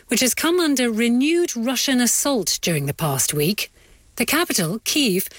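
Lively, higher-pitched woman news presenter. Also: no room sound.

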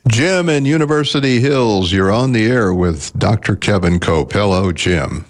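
A man with a low voice hosts a radio call-in show. He talks in a chatty, conversational way, often pausing with "uh" as he works through his points. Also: lively intonation. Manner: conversational, chatty, hesitant fillers. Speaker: radio talk show host.

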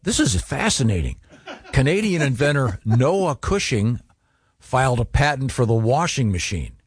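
A man's voice: medium pitch, big pitch swings, moderate pace. A man hosting a morning radio show in a studio, talking in a meandering, hesitant way with many ums and restarts. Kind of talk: casual morning radio banter. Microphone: studio microphone.

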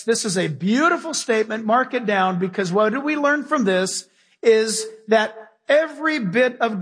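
Husky high-voiced preacher in a reverberant hall. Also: male voice, a bit bright. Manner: emphatic, folksy preaching with direct questions to the congregation. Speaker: pastor. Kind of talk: sermon. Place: church sanctuary with a live congregation.

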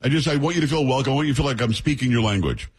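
A middle-aged man hosts a radio talk show in a relaxed, joking way. His voice is a little husky, and he banters easily with a sidekick between segments. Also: medium pitch, very fast. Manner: chatty, jokey banter with sidekick.

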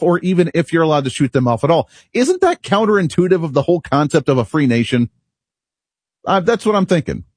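Husky-voiced male talk radio host. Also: fairly high pitch, no room sound, studio quality. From United States. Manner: animated, rambling, laughs at himself. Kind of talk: opinionated talk radio monologue. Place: radio studio.

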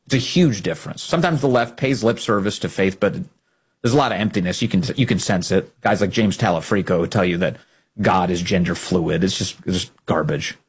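A man's voice: low-pitched, a little fast, slightly rough. A man hosting a political commentary show, speaking emphatically and indignantly and repeating key phrases.

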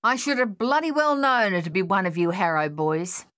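A woman's voice: mid-range voice, big pitch swings, moderate pace, a bit bright, no echo, clean studio sound. A woman voicing a short-tempered male army captain who snaps and barks orders. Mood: gruff, impatient. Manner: snapping, barked orders.

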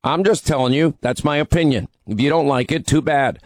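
A man's voice: on the high side, brisk, no echo. A man hosting a call-in radio show, needling and arguing with a caller. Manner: combative, needling. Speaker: radio talk show host.

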